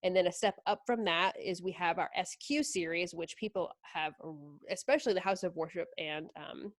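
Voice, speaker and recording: Woman product specialist, low voice, chatty and filler-heavy, dry close sound. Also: no echo. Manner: chatty, lots of fillers and likes. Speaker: audio console product specialist. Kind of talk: casual technical demo talk.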